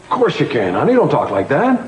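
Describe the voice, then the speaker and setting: A man's voice: mid-range voice, wildly swooping pitch, a little fast. A worried protective father. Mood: soothing. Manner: soothing, paternal, insistent. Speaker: actor in a TV soap opera. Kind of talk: 1980s TV soap acting. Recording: noisy TV soundtrack.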